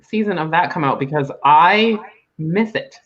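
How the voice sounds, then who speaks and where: Woman podcast cohost, low voice that swings around a lot, kinda muffled audio. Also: a little slow. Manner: chatty, agreeable, expressive. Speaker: podcast co-host. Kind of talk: casual chat. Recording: dull lo-fi sound.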